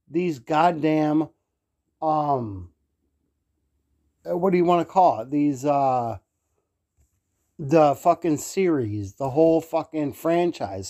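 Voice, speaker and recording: A man's voice: fairly high pitch, lively intonation, a little slow, dark tone. A man hosting his own podcast, ranting alone with heavy swearing and many fillers. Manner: angry, swearing, rambling with fillers. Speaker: podcast host. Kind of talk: solo profanity-laden rant.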